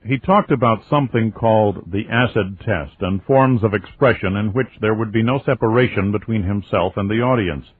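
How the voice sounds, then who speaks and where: Guy reading a novel out loud, lowish voice, wry and steady, sounds like it's over a phone line. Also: moderate pace, few pauses, slightly rough. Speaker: audiobook narrator. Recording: tinny lo-fi phone-like audio.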